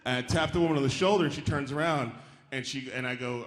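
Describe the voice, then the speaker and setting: A man performing a stand-up comedy set on stage, animated and acting out the voices of the people in his stories. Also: mid-range voice, quick pace, echoey room. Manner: animated, acts out quoted voices. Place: theater stage before a live audience.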